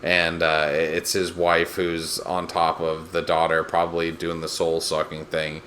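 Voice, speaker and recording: A man's voice: low voice, monotone, unhurried, fairly bright tone, a little hiss or hum. A man in his thirties co-hosting a podcast, recapping a TV episode in a laid-back, rambling way. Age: 30s. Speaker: podcast co-host. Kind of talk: casual chat recapping a TV episode.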